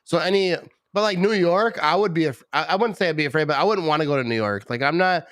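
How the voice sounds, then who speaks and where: A middle-aged podcast host from Wisconsin, a little tipsy and rambling through casual talk. His voice sits fairly high for a man. The sound is dry and close. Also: fast, a bit bright, no room sound. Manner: rambling, loose, full of "like" and "bro".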